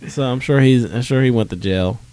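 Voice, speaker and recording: A man's voice: medium pitch, fairly quick, darkish tone. A man co-hosting a podcast, telling a story in casual chat with lots of ums and quoted voices. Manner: rambling storytelling with many fillers and acted quotes. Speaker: podcast co-host.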